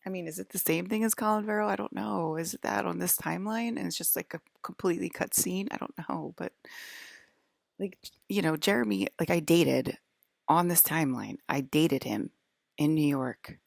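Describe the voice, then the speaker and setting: A woman's voice: lowish voice, moderate pace, creaky, no echo, studio quality. A woman vlogger talking in a casual, rambling monologue, hesitant and full of fillers.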